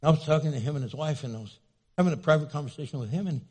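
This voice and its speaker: A man preaching a sermon as pastor, animated and jokey, acting out the quotes he tells. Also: a little high, racing. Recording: echoey hall reverb.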